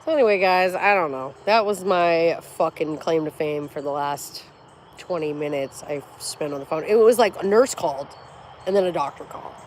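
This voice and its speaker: A woman's voice: low-pitched, moderate pace, slight background noise. A woman in her forties, chatting casually on a livestream, blunt and profane, telling stories with animation. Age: 40s. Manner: animated storyteller. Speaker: livestream host.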